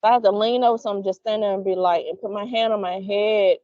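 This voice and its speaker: A woman's voice: mid-range voice, fast talker, no echo. Blunt, profane woman on a dull recording. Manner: blunt, profane, animated storytelling. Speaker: podcast co-host. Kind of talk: casual chat. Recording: dull, dry lo-fi sound.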